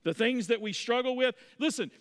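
A man in his thirties preaching a sermon in a church, telling folksy stories with lively energy. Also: extremely high pitch, a little fast, big-room sound. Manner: folksy storytelling, animated. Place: church sanctuary.

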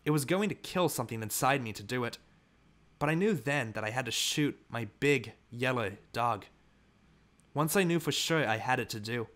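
A man reading a novel aloud as an audiobook, in measured, earnest storytelling. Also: medium pitch, fairly bright tone. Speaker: audiobook reader. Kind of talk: scripted narration of a novel.

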